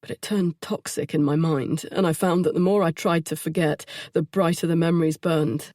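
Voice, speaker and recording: A woman's voice: low voice, fairly even intonation, no echo, clean studio sound. A woman voicing a remorseful, weary young man. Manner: soft, halting, confessional.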